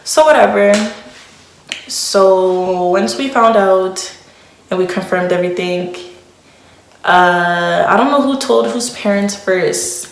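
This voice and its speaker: A young woman in her twenties telling a personal story in a casual, chatty way, with lots of "like" and animated retellings. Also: medium pitch, a little slow, vocal fry, reverberant. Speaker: vlogger.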